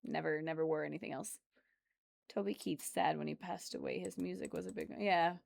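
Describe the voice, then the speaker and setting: A woman's voice: low voice, brisk, vocal fry, a little mellow. A woman chatting casually on a live stream, rambling and answering viewer comments as she goes. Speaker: streamer reacting to videos.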